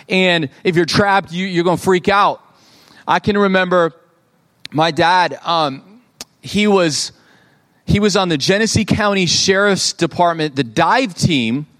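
A male pastor in his thirties preaching a sermon in a church, conversational and animated, acting out quoted voices. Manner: animated, conversational, acts out quotes with rising pitch.

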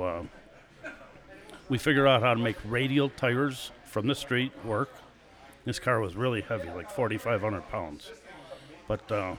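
An older man in his sixties, a guest on a live show, relaxed and chatty as he tells his stories. His voice sits in an ordinary middle pitch and breaks into small chuckles between stories. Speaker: guest, former stock car racer. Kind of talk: casual storytelling interview.

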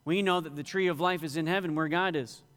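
A man's voice: on the high side, steady tone, fast talker, a bit bright. Man preaching in an echoing church hall. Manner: preaching with rising emphasis on quoted scripture. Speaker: pastor. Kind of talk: sermon. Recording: long hall reverb.

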